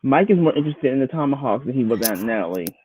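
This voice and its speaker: A man's voice: medium pitch, expressive, fast, crowd noise. A man co-hosting a podcast, chatting casually about a reality show, often stammering and restarting as he quotes himself. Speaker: podcast co-host. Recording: dry, phone-like narrow sound.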